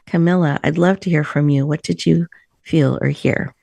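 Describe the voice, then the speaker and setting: Host type: woman guiding meditation, slow and soothing, slight vocal fry, dry close sound. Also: low voice, steady tone, no room sound. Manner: soft, slow, soothing guidance. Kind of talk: guided breathing meditation. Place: virtual room, video call. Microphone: video call.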